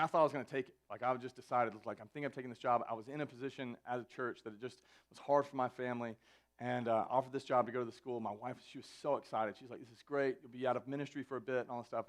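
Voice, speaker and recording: A man's voice: mid-range voice, a bit bright. Young guy pastor preaching live at church, chatty, cuts himself off, throws in jokes. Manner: conversational, self-interrupting, jokey asides. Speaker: student ministry pastor. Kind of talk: sermon to youth, anecdotal. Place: church venue, live service.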